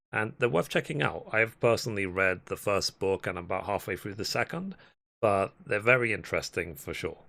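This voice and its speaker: A man's voice: lowish voice, vocal fry. A man hosting a reaction video, chatting casually to viewers between clips. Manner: relaxed, conversational asides to viewers. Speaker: reaction channel host.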